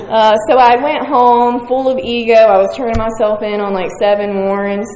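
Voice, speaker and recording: A West Virginia woman shares her recovery story at a meeting, speaking frankly, profanely, and with self-mockery. Her voice is a little high and mellow, her delivery flat, at normal speed with few pauses. The roomy hall carries a faint crowd.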